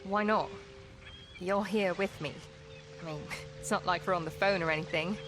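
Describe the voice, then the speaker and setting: A woman's voice: fairly low pitch, fairly even intonation, normal speed, noisy background, close to an everyday voice. An actress playing a wry young woman in a video game, speaking in a dry, offhand way. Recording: game audio over music.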